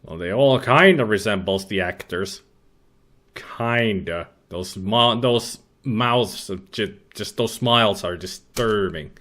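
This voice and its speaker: A man's voice: fairly low pitch, slow, fairly bright tone. A man commentating a retro adventure game, reading its text aloud with dry, sarcastic jokes. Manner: dry, jokey, sarcastic asides. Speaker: let's play commentator.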